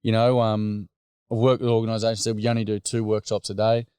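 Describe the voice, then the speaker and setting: A man's voice: lowish voice, little pitch movement, fast talker, a little mellow, clean tone, no room sound, studio quality. An Australian man, a workshop facilitator, telling stories in candid, blokey casual chat.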